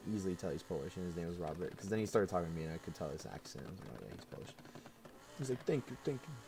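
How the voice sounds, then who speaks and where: Deep-voiced young man telling stories. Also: rapid-fire, vocal fry, slight background noise. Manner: animated storytelling with frequent laughs. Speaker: streamer. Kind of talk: casual chat.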